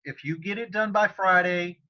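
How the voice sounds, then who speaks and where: A man whose voice sits high leads a relaxed online Spanish lesson, keeping a moderate pace and fairly even intonation while stumbling through fillers and restarts. The recording is slightly dull video-call audio from a computer mic.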